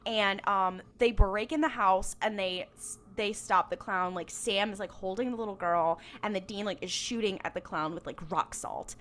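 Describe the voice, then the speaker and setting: A woman's voice: mid-range voice, moderate pace, few pauses, a bit bright, slight background noise. A woman co-hosting a podcast, retelling a TV episode in a rambling, casual way, full of "like" and "um" and frequent laughter. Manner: rambling storytelling, laughs often, many "like" and "um". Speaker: podcast co-host. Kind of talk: casual recap chat.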